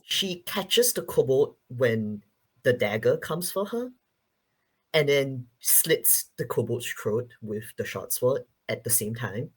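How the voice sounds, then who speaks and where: A man playing a tabletop game, calmly narrating his character's actions. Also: mid-range voice, slow pace, breathy edge. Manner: calm, descriptive narration of actions. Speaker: player. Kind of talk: tabletop role-play narration.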